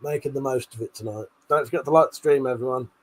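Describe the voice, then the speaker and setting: A man's voice: mid-range voice, fast. A British man hosting a live stream, reading out viewer comments and teasing them, swearing and laughing a lot, a little tipsy. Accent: British English. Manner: laughs often, swears, banters and teases the chat. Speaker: livestream host.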